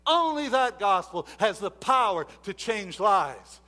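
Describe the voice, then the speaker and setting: A high-voiced, bright-toned male preacher. He drifts into soft asides, then builds to loud, emphatic exhortation, often repeating and restarting his words. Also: sing-song, unhurried. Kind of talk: sermon.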